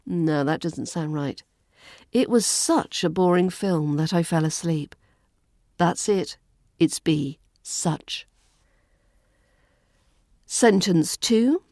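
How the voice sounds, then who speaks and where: A woman with a British accent teaching English in a podcast lesson, with a clear, deliberate delivery. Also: lowish voice, animated, darkish tone, dry recording, clean studio sound.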